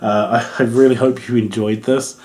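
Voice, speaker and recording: A man's voice: medium pitch, steady tone, moderate pace, darkish tone. A young man giving a casual, rambling wrestling review, amused and swearing, with lots of ums.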